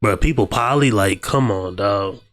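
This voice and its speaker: A man's voice: on the low side, moderate pace, a bit bright. A young man with a cold, giving loose, slangy reaction commentary straight to his viewers. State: sick with a cold. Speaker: video reactor.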